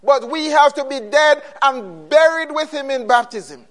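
A man's voice: very high voice, lively intonation, a little slow, fairly bright tone. A man preaching a sermon, emphatic and repeating his key phrases.

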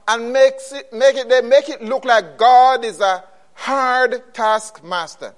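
Male preacher, unhurried delivery, hammers key phrases through repetition. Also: very high voice. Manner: emphatic, repeats key phrases. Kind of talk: sermon.

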